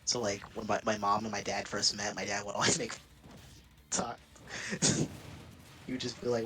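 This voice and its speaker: A man's voice: fairly low pitch, level tone, moderate pace, pauses often, background noise. A man chatting casually while gaming, rambling with lots of fillers and giggling often. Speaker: co-host.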